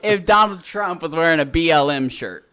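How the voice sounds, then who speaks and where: A man co-hosting a casual podcast chat about a TV episode, relaxed and jokey. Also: on the high side, moderate pace, clear, resonant tone. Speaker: podcast co-host.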